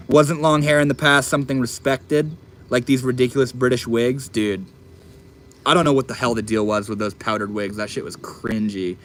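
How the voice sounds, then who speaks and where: A young man casually chatting on a live stream, reading and answering chat messages in a relaxed, profane drawl. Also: mid-range voice. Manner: laid-back, swears often, drawls.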